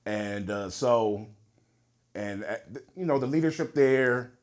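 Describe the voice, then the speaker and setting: A man's voice: medium pitch, measured pace. A man, a podcast guest, talking in a hesitant way with frequent fillers. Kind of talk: casual chat.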